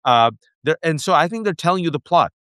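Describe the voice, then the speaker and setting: A man's voice: on the high side, lively intonation, fast talker, pushed and bright, no room sound. Man ranting sarcastically in a dry room. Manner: sarcastic, mocking voices of opponents. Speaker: political commentator guest. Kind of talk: heated political rant.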